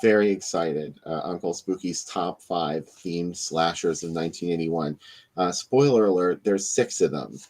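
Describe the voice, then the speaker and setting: A man co-hosting a podcast, chatting in a relaxed, slightly halting way about horror movies and his magazine. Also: deep voice. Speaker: podcast co-host and magazine editor.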